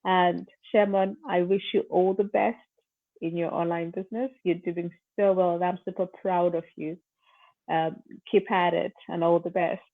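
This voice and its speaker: A woman's voice: lowish voice, steady tone, moderate pace, no echo. A woman hosting an interview, encouraging her guest. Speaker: host, interviewer. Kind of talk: interview wrap-up. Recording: phone-like dry call line.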